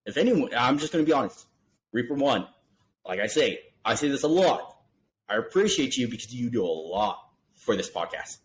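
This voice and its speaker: A man hosting a casual podcast, telling stories in a loose, animated, chatty way. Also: mid-range voice, normal speed, rough recording. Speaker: podcast host.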